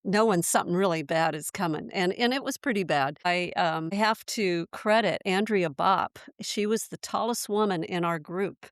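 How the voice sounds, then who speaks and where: A woman's voice: fairly low pitch, normal speed, few pauses, no room sound, studio quality. An American woman in her sixties, a podcast guest thoughtfully and earnestly recalling hard experiences in a casual conversation. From United States. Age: 60s. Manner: reflective, earnest recollection. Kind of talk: casual reminiscing.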